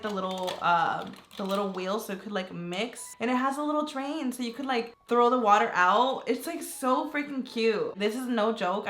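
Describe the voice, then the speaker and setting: Excitable young woman, bright voice. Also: fairly high pitch, slight background noise. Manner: excitable, gasping, swears casually. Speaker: beauty YouTuber. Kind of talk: casual vlog chat. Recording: echoey room, faint music behind.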